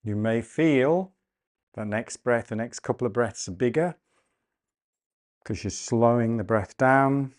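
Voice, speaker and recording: A man leading a guided breathing and mobility class, cueing calmly and gently, often slowing down and repeating phrases. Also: mid-range voice. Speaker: movement and breathwork instructor. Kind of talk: guided exercise class instruction.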